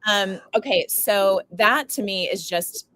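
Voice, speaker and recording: A woman's voice: mid-range voice, takes it slowly, a bit bright, dry recording. A woman hosting a talk show and interview, gushing and effusive as she speaks. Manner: effusive and gushing, easily choked up. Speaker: show host.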